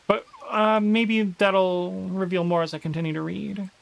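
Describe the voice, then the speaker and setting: Guy with a pretty high voice streaming a game, chatty, reads the journal bits all dramatic. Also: measured pace, gravelly, a little hiss or hum, low-quality recording. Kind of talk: live let's-play commentary, reading in-game journals aloud.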